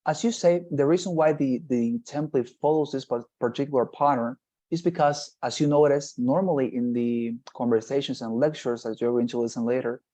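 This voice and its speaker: Speaking fairly quickly in a mid-range, dark voice, a man runs an online exam-prep class over video call. His teaching is long and explanatory, he checks in with students, and "nonetheless" and "right?" come up again and again.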